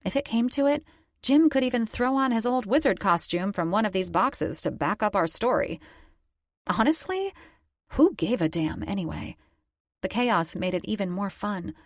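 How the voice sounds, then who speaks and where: A woman's voice: mid-range voice, lively intonation, moderate pace, dry recording, clean studio sound. A woman narrating a first-person romance audiobook in a wry, conversational storytelling manner.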